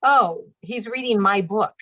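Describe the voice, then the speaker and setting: A woman's voice: medium pitch, measured pace, a bit bright. A woman leading a channeling practice group who talks in a casual, chatty way, with many fillers and light laughs.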